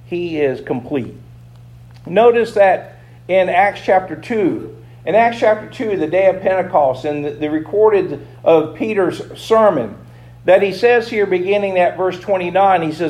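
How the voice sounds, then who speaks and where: A man preaching a sermon, emphatic, slowing down and repeating key phrases to drive them home. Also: sits high, lively intonation, darkish tone, poor audio.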